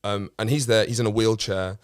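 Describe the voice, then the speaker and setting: A man's voice: on the low side, fairly even intonation, brisk, clear, resonant tone, no echo, studio quality. A man, a comedian guest telling a rambling story in casual chat, with many restarts and casual swearing.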